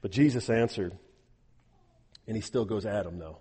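Animated preacher with a husky voice. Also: male voice, fairly low pitch, normal speed. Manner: animated, acts out quoted speakers, repeats words. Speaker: pastor. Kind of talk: sermon. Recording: echoey hall with long reverb.

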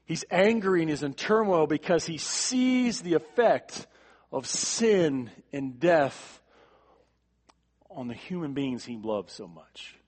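A male pastor delivering a sermon, emphatic, repeating words for stress and swinging from quiet to forceful. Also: a little high, lively intonation, slow pace, slightly rough.

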